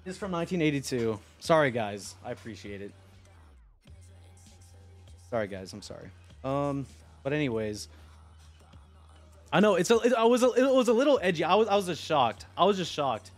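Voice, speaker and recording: A young man chatting on a live stream, rambling excitedly, swearing and talking to his chat. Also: fairly high pitch, normal speed, long pauses, faint music behind.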